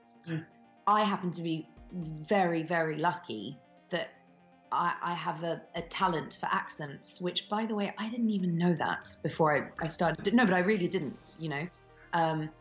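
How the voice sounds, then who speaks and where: A woman's voice: fairly low pitch, moderate pace, muffled recording, soft background music. A woman in her thirties, an actress talking candidly in an interview, frank and swearing freely between ums. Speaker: actress and voice actor guest.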